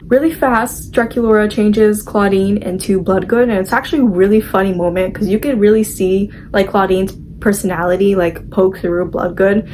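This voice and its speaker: A woman's voice: mid-range voice, steady tone, moderate pace, hardly any pauses, a little mellow, a little hiss or hum, rough recording. A young woman casually recapping a movie, chatty and gushing, acting out the characters' lines as she goes.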